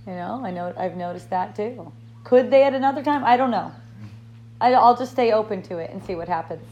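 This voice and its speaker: Brisk and mid-range with a darkish tone, this woman runs an online dialogue group. She rambles through a personal story, upbeat and effusive, laughing a lot and frequently starting over.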